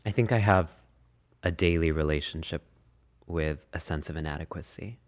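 A non-binary writer and performer answering interview questions in a poetic, measured, impassioned way. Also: a bass voice.

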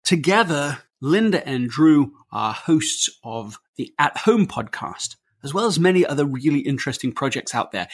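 A man's voice: fairly high pitch, a bit bright, slightly rough. A man hosting a podcast interview, introducing guests and asking questions with enthusiasm. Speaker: podcast host.

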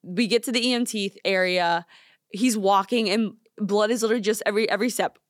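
A woman's voice: mid-range voice, a little fast, no room sound. A young woman co-hosting a podcast, telling a story in casual chat with lots of "like" and acted-out quotes, in a studio. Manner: animated, lots of "like", acts out quotes. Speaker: podcast co-host. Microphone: studio mic.

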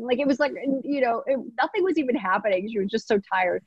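A young actress chatting in an interview, telling stories in a giggly, animated way. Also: female voice, a little high, fast, husky, dull audio. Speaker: actress interviewed about a series. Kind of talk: casual interview chat.

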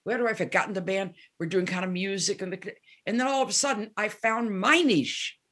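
A woman in her seventies talks a little fast in a medium-pitched voice. As the guest musician in a casual interview, she tells candid stories vividly and acts out quoted dialogue.

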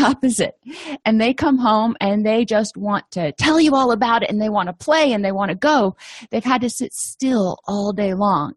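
A woman's voice: medium pitch, no echo. A middle-aged woman presenting an educational lecture in a conversational, anecdotal way, with frequent fillers.

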